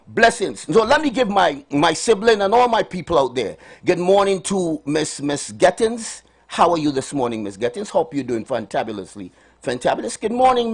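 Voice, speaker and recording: A man's voice: fairly high pitch, husky. A man hosting a live morning radio health show, calling out cheerful greetings and giving preachy asides. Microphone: studio microphone.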